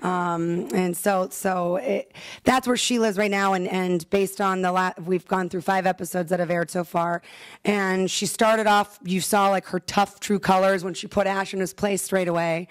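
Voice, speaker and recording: Actress lady chatting in an interview, lots of ums and restarts, middle pitch, animated. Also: moderate pace. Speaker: actress guest. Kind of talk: casual interview chat.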